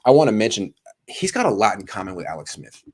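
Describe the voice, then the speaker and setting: Low-voiced man talking football. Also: fast, husky. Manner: animated, storytelling, lots of restarts. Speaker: sports podcast host. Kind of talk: casual sports talk.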